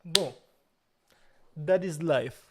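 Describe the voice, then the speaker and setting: A man's voice: fairly high pitch, sharp tone. A young man from Italy hosting a live stream, chatting casually with viewers in a playful mock-outraged way. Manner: playful mock outrage, slow drawn-out delivery. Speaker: livestream host.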